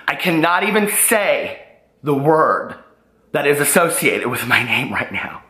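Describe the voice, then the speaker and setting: Agitated man ranting in a bright voice. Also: fairly high pitch, lively intonation, measured pace, reverberant. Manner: upset, agitated, rambling with restarts. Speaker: YouTuber responding to allegations. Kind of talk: emotional vlog rant.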